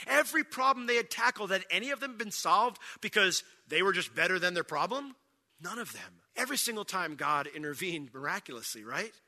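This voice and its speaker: Male pastor preaching, high bright voice, shouts big lines for effect. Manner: preaching with dramatic shouted bursts. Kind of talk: sermon. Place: church sanctuary.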